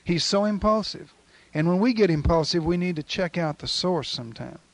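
A man preaching a sermon in a folksy, animated storytelling manner, retelling scripture with acted quotes. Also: sits high, normal speed, no echo.

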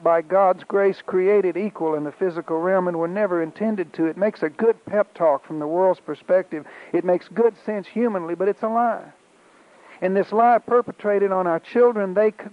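Emphatic preacher man, lo-fi sermon. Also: high-pitched. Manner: emphatic, repetitive cadence with throat-clearing. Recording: dull lo-fi recording.

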